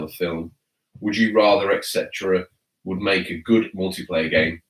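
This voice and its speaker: A man's voice: sits low, a bit bright, distant mic. A grown man hosting a casual live gaming podcast, teasing his co-host and reading chat messages aloud. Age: adult. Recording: echoey room, away from mic.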